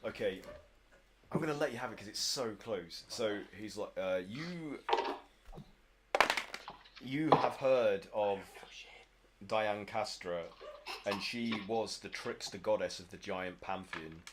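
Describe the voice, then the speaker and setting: A man's voice: fairly low pitch, a little slow. A British man running a tabletop game as game master, narrating in a rambling, stammering way, in a noisy home recording.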